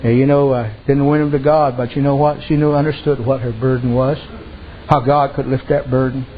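A man's voice: mid-range voice, level tone, fairly quick. A man preaching a sermon in a folksy, conversational way, telling stories and rising in intensity as he presses his points. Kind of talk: sermon with storytelling. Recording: dull lo-fi with faint hiss.

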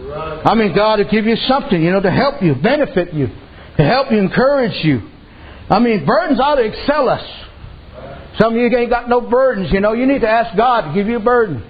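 High-voiced man preaching a folksy sermon. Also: expressive, fairly quick, slightly rough. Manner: folksy storytelling, frequent amens and "you know". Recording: muffled with faint background noise.

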